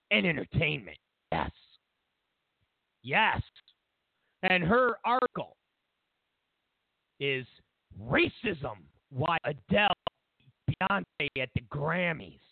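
A man with a high voice hosts a talk show, giving a casual, sarcastic rant that rambles comically and keeps restarting. The audio is tinny, phone-like and dry, with no echo.

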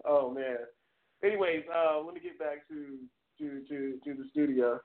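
A man's voice: on the high side, very animated, moderate pace, gravelly. A man hosting a live call-in talk show, speaking earnestly, stammering and laughing at himself. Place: home studio. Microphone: webcam streamed live. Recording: tinny phone-like audio.

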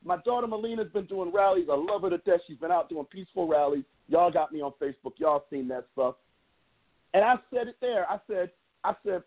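Through tinny, phone-like audio, a middle-aged man co-hosting a podcast tells a story with emphatic passion during casual conversation. He sounds high-pitched, expressive and brisk.

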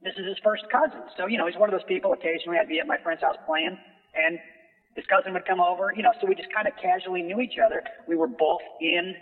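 A man's voice: sits high, steady tone, fast talker. A man calling in, chatting casually and rambling with restarts. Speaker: caller. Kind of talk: casual phone interview. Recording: tinny phone line with long reverb.

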